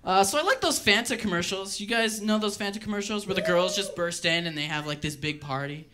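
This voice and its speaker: A man doing a stand-up routine on a club stage, wry and deadpan with rambling asides. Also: sits high, fairly quick, noisy background. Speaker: stand-up comedian.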